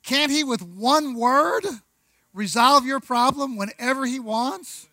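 A man preaching a sermon, conversational, with rhetorical questions, asides and slow, deliberate emphasis on key words. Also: extremely high pitch, sharp tone, dry recording, low-quality recording. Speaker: pastor.

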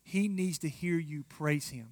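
A man's voice: a little high, a little slow, darkish tone. A man preaching a marriage sermon as pastor, emphatic and addressing the congregation directly.

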